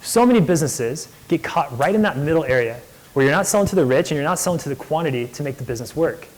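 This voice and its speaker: A man's voice: a little high, lively intonation, fast talker, low-quality recording. A young man, an entrepreneur, speaking in a casual, enthusiastic storytelling lecture style, full of "like" fillers. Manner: enthusiastic, chatty, many "like" fillers. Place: lecture hall.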